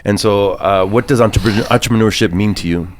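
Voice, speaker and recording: A man's voice: on the low side, brisk, a little hiss or hum. A man hosting a casual podcast, rambling with lots of "you know what I mean" as he talks. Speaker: podcast host.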